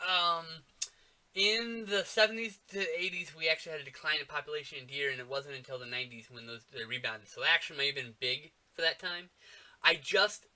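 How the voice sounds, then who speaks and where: A man co-hosting a casual movie-review podcast, animated and swearing often, with lots of fillers. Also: on the high side, a little fast. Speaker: podcast co-host.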